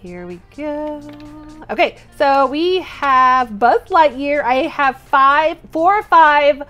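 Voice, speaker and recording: A woman's voice: high-pitched, animated, takes it slowly, a bit bright, lo-fi sound, faint music behind. A woman hosting a toy unboxing vlog, gushing and repeating her exclamations with squeals of delight. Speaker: toy unboxing channel host.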